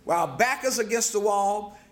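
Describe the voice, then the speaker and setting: A man's voice: high-pitched, brisk, fairly bright tone, reverberant. A man preaching a sermon, passionate, with repetitions and stammered restarts. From New Orleans, USA. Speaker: pastor. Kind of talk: sermon lecture. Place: lecture hall.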